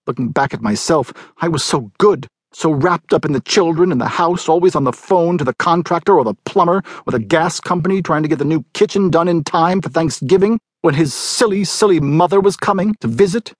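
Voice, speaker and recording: A man's voice: a little high, expressive, brisk, hardly any pauses, no echo, clean studio sound, pitched above the performer's own voice. A man voicing a bitter, wry middle-aged wife telling of her husband's betrayal in a storybook reading.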